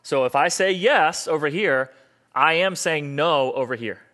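Bright-voiced animated male speaker. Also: fairly high pitch, measured pace. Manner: animated, acts out dialogue in raised voices; repeats phrases for emphasis. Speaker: speaker on stage. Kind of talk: motivational talk with a live volunteer.

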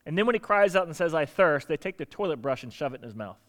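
A man preaching a sermon as pastor, animated, asking rhetorical questions and acting out quoted lines. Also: fairly high pitch, racing.

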